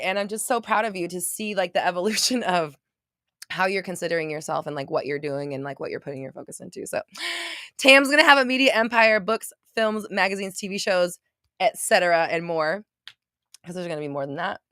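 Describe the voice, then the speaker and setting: A woman's voice: on the low side, animated, brisk, sharp tone, no echo, studio quality. A woman hosting a casual motivational livestream, reading viewer comments aloud and answering them in an emphatic, gushing way, repeating herself and swearing now and then. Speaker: livestream host.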